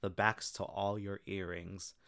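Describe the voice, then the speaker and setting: A man's voice: low voice, level tone, unhurried, a bit bright, clear, resonant tone, no echo. A man hosting a podcast, casually reading online comments aloud and reacting with frequent laughter. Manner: chatty, laughs often between comments. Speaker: podcast host.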